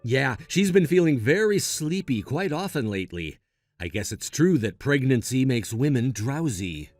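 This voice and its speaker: A man's voice: mid-range voice, sing-song, moderate pace, no echo. A man playing a lying, evasive husband with a glib manner. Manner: glib, then pleading.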